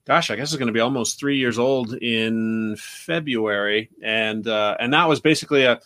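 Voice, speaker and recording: A man's voice: medium pitch, normal speed, a bit bright. An American man, a journalist guest on a podcast, speaking casually and often repeating words as he gathers his thoughts.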